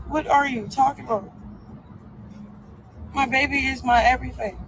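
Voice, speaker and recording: A woman's voice: on the high side, fairly even intonation, measured pace, long pauses, a little hiss or hum, low-quality recording. A young woman ranting on a live stream, defiant and profane, full of fillers. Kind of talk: casual live-stream rant.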